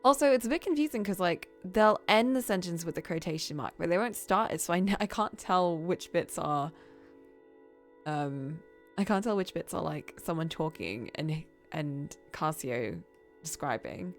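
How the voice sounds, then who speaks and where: A woman's voice: on the low side, expressive, normal speed, faint music behind. A woman chatting casually while playing a story game, trailing off and correcting herself. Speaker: streamer.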